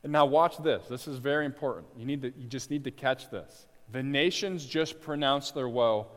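Preaching man in a reverberant hall. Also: mid-range voice. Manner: dynamic preaching, slows for emphasis, swells loud on quoted cries. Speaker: pastor. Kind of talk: expository sermon.

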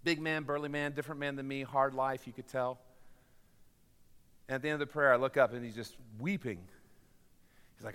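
Pastor, male, high bright voice, preaches from loud fervor down to near hush, big church hall. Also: fast. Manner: swings from loud preaching to quiet, hushed storytelling. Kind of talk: sermon. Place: church sanctuary.

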